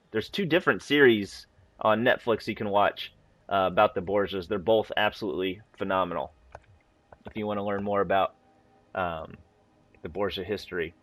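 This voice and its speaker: A man's voice: on the low side, no room sound. Man reading game lore aloud, dry. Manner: steady, measured reading with a few casual asides. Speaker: gaming channel host.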